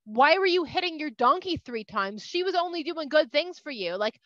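A woman's voice: sits high, lively intonation, moderate pace, fairly bright tone, no room sound, pitched above the performer's own voice. A woman voicing a stern, scolding angel with a sword, in a dull, dry recording. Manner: scolding, casual.

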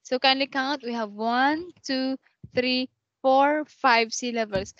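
Slow, patient woman teaching English. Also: sits high, dry recording, highs cut off. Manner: patient, repeats and counts syllables slowly. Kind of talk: online one-on-one lesson.

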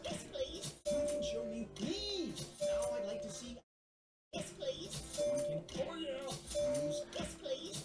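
A chanting auctioneer from a party video game, calling bids in a high voice that leaps wildly up and down. The sound is distant and echoey, with loud game music running underneath. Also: female voice, huge pitch swings, full character voice. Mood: brisk. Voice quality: fast chanting auction patter. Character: brisk female auction announcer in a party game.

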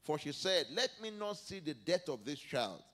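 Pastor guy preaching, kinda high voice, goes soft then loud, acts out the bible people. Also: sing-song, moderate pace. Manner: dramatic swings between soft asides and loud emphatic peaks; preaches verse by verse, acting out biblical speakers. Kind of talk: sermon.

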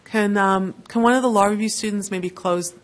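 A middle-aged woman, a law school dean, giving a measured, earnest introduction at a lecture with a lightly wry touch. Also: medium pitch, fairly even intonation. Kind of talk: formal lecture introduction with personal anecdotes. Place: lecture hall.

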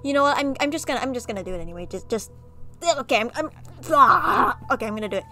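A woman's voice: on the high side, lively intonation, very fast, a bit bright. Giggly, chatty gaming woman. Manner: chatty, self-mocking, giggly asides. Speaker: gaming YouTuber. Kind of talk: reading an interactive horror story aloud with commentary.

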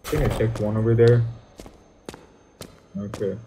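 A man's voice: fairly low pitch, level tone, measured pace, noisy background. A young man, commenting jokingly on a horror game as he plays and talking back to its characters. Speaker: gaming YouTuber.

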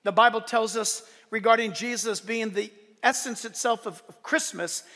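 A man preaching a sermon to his church, animated and swinging from loud declarations to soft, joking asides. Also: high-pitched, moderate pace, big-room sound. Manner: playful, joking asides to the congregation. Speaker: pastor. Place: church service.

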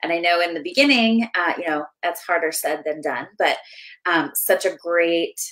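A woman's voice: lowish voice, normal speed, a bit bright, poor audio. A woman hosting a members' webinar interview as a business finance coach, speaking enthusiastically and with many fillers.

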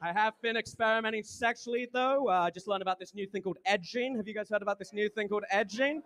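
A young man from England with an English accent doing a deadpan stand-up comedy set and acting out both sides of dialogues. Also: sits high, fast. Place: comedy club stage. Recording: loud noise and clicks.

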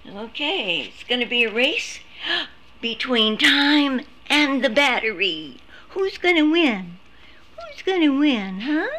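Slow, bright-voiced woman cooing at puppies. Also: sits high, very animated, slight background noise. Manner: coos in baby talk to puppies. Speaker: service dog puppy caretaker streaming a litter. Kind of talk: casual live stream chat. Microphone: phone.

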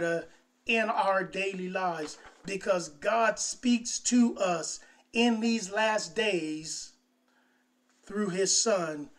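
A man with a high-pitched voice preaches a sermon as pastor. He talks slowly and deliberately, with an emphatic delivery that climbs higher and louder on the points he wants to drive home. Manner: slow, emphatic preaching that rises in pitch and volume on key phrases.

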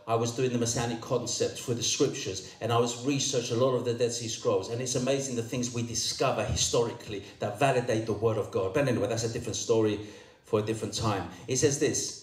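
A man's voice: mid-range voice, fairly even intonation, a little fast. An older man from Cyprus, preaching a sermon as archbishop, emphatic and repeating words. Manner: emphatic, rising to raised proclamations, repeats words. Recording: echoey church sound from far off.

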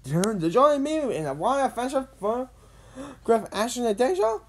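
A woman voicing an excited boy genius hero in a read-along storybook, speaking eagerly. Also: fairly high pitch, measured pace, pitched above the performer's own voice.

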